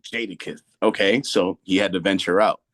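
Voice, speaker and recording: A man with a low voice, a hip-hop artist from Massachusetts. He is a guest on a radio show and tells stories loosely, full of slang and restarts. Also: fairly even intonation, normal speed, fairly bright tone. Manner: storytelling with slang, many restarts. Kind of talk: casual interview chat.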